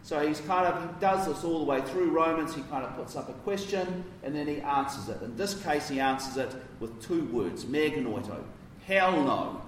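A man's voice: on the high side, normal speed, hardly any pauses, a little hiss or hum. A man preaching a sermon in a conversational, emphatic way, with casual asides. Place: church. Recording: roomy echo from a distance.

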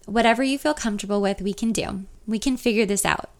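A woman voicing a supportive, bold female best friend who talks in a brisk, reassuring way. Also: medium pitch, natural voice.

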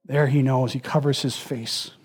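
A man preaching a sermon who builds long repeated lists of phrases and drops into a soft, near-whispered voice for emphasis. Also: medium pitch, steady tone, normal speed, husky, soft background music.

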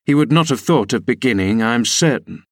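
A stern middle-aged housekeeper scolds in a scornful, clipped tone, read by a man in his own mid-range voice. The delivery is measured and dry, with no room around it. It suits a storybook period drama. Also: medium pitch, animated, no room sound. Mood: scolding scornful.

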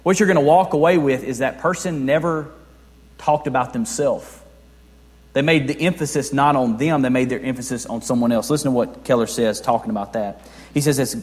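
A young man preaching a sermon as a pastor, talking conversationally with rhetorical questions and swinging between soft and loud. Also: mid-range voice, a little fast. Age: young adult. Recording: long reverb of a large hall.

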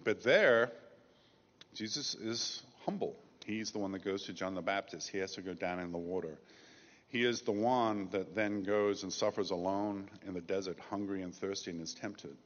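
A man preaching a sermon as pastor, measured and emphatic, slowing down to stress key phrases. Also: low-pitched. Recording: dull lo-fi sound with long reverb.

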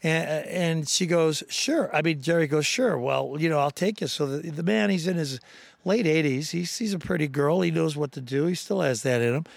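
A man co-hosting a casual on-site interview outdoors on a pumpkin farm, an animated and jokey storyteller. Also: a little high, moderate pace, vocal fry, dry recording. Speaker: podcast co-host.

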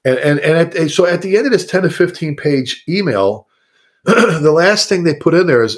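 A middle-aged man, a fire chief, talking casually and animatedly, jumping into high mocking voices for people he quotes. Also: expressive, moderate pace. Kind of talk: casual podcast conversation.

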